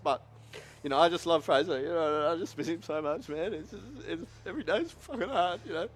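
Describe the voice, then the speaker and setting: A man giving a halting, tearful thank-you speech after winning a tournament, close to crying and swearing now and then. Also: a little high, expressive. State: emotional, close to tears. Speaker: tournament winner. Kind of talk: emotional post-match thank-you speech. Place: tournament venue.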